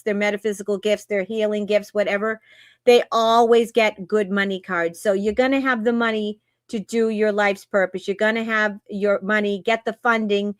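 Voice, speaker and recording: A tarot reader from the Boston area, with a Boston accent, delivers an upbeat, emphatic spiritual reading to her viewers. Her medium-pitched voice has a fairly bright tone, and the studio-quality recording has no room sound. She speaks exclamatorily, in an upbeat preaching tone.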